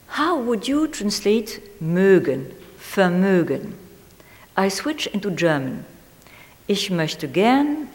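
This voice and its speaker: A woman reading a literary essay aloud in a measured, deliberate way, lingering on single words. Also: medium pitch, a little mellow. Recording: long hall reverb.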